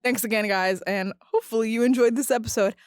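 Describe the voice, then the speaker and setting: A woman's voice: on the high side, fast, no room sound, clean studio sound. A woman hosting a casual podcast, talking in a heated, profane, rambling way with lots of fillers. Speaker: podcast host. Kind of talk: casual ranting podcast talk.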